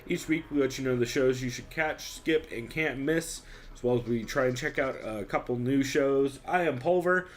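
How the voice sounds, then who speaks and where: A man's voice: medium pitch, moderate pace. Profane joking podcast host, man. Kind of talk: casual podcast chat.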